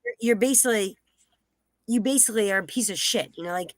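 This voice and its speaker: A woman's voice: mid-range voice, fast talker, no room sound. A woman from New Jersey sharing her own situation in a rambling way, full of fillers and restarts. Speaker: group participant sharing personally. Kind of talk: candid personal sharing.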